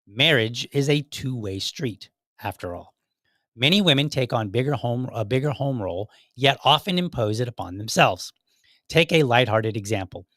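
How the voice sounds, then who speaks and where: A man's voice: mid-range voice, fairly bright tone, no room sound, studio quality. A middle-aged man hosting a solo podcast, rambling in casual commentary and acting out little everyday dialogues. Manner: rambling, self-correcting, acts out little dialogues. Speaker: podcast host.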